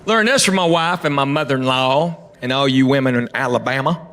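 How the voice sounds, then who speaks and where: A man's voice: mid-range voice, fairly quick, fairly bright tone. A man performing a stand-up comedy set in a live venue, a drawling storyteller who slips into playful mimicry of the locals he describes. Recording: live venue with audible ambience.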